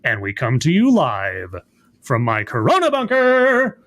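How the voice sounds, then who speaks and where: A man's voice: medium pitch, huge pitch swings, unhurried, a bit bright. A man hosting a casual online show, upbeat and playful as he greets viewers and his guest. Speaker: host. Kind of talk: casual chat.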